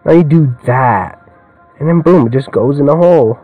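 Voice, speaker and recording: A man's voice: mid-range voice, normal speed, phone-quality sound, soft background music. A young man giving rambling, joking let's-play commentary, swearing a lot and laughing often. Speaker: gamer.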